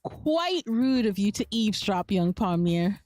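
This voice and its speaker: A woman's voice: medium pitch, sing-song, measured pace, darkish tone, soft background music. A woman voicing Mister Dietrich, a greedy scheming male sorcerer-shopkeeper who threatens and curses, from a game. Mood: cold menace. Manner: smug, threatening, cursing.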